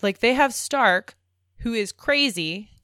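A woman co-hosting a podcast, arguing her points in an animated, casual way. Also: on the high side, slow, smooth, dry recording, studio quality. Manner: animated, argumentative. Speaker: podcast co-host. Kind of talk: casual discussion.

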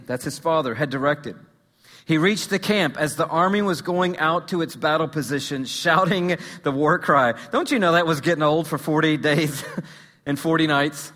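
A man preaching a sermon, an animated storyteller with humorous asides who sometimes drops to a hushed intensity. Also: fairly high pitch. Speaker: pastor. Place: church sanctuary. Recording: long reverb of a large church hall.

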